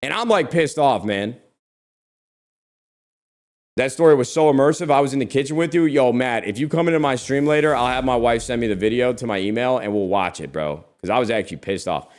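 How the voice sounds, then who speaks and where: Animated, profane man telling a story. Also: mid-range voice, brisk. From lives in Texas. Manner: animated, profane, calls listeners bro. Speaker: podcast host. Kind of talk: casual storytelling chat.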